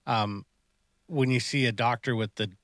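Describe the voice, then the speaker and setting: A man co-hosting a casual podcast, talking earnestly and giving advice, often trailing off into quieter asides. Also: mid-range voice, fairly even intonation, moderate pace, no room sound, clean studio sound. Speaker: podcast co-host, martial arts instructor.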